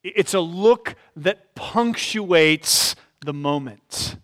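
High-voiced preacher, reflective and unhurried. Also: male voice, lively intonation, a bit bright. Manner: reflective, often hedges with "sort of". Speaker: pastor. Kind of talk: expository sermon. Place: church.

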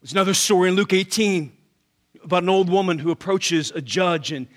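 A man's voice: high-pitched, brisk, fairly bright tone. A man preaching a sermon with emphatic rhetorical questions, often repeating words as he starts a thought. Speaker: pastor.

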